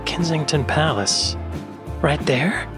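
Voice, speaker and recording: A man hosting a reaction video. He talks in a playful, joking way and often drops into soft whispered asides. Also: on the high side, animated, slow pace, music in the background. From United States. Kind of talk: casual reaction commentary.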